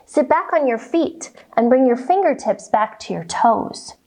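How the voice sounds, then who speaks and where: A woman guides children through yoga poses at an unhurried pace. Her voice sits high and swoops up and down with plenty of life. She talks in a playful sing-song and makes animal sounds along the way. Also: expressive, darkish tone. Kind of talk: kids' yoga and story warm-up lesson.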